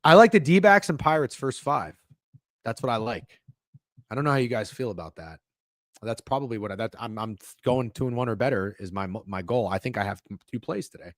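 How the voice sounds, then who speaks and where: A young man hosting a sports betting livestream, talking casually and excitably, swearing often and restarting his sentences. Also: mid-range voice, fairly quick, no echo, studio quality. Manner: excitable, profane, rambling with frequent restarts. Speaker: sports betting show host.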